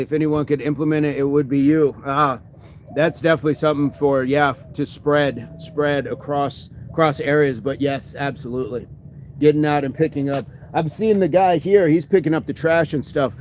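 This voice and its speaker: A man's voice: a little high, a little hiss or hum. A man hosting a fitness livestream, chatting casually and answering viewer comments, often agreeing with "absolutely".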